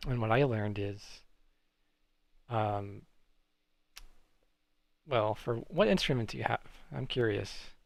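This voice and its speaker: A man's voice: mid-range voice, vocal fry, no room sound. A man streaming live, chatting casually with viewers and reacting to chat messages.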